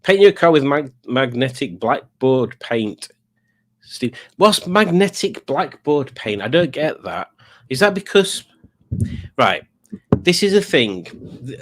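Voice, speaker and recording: A middle-aged man chatting on a home live stream, rambling and poking fun at himself. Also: medium pitch. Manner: rambling, chatty and self-mocking. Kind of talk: casual live stream chat.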